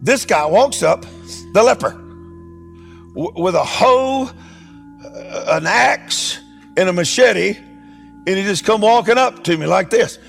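A middle-aged man, a preacher telling a testimony in a sermon with animated, emphatic delivery. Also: high-pitched, takes it slowly, gravelly, long pauses, soft background music. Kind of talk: sermon storytelling.

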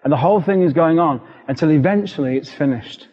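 British preacher in a reverberant hall. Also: male voice, a little high, fairly quick. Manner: animated, vivid storyteller. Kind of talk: storytelling sermon. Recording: dull lo-fi recording with long hall reverb.

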